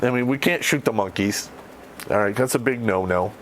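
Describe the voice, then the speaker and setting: A man's voice: on the low side, normal speed, fairly bright tone, slight background noise. A middle-aged man who swears freely while casually telling a war story on a podcast and laughs as he goes. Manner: profane, laughs through the telling.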